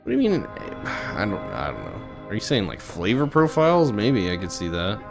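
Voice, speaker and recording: A man streaming a game in casual, crude, bickering chat, with music playing clearly behind. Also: on the low side, huge pitch swings, a little fast.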